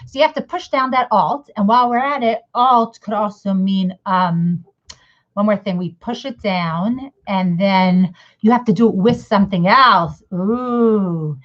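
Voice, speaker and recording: A woman's voice: mid-range voice, measured pace. Chatty woman teaching, slightly lo-fi. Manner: chatty, rambling, acts out mock dialogues. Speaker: educator. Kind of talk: casual spoken lesson. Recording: slightly dull lo-fi audio.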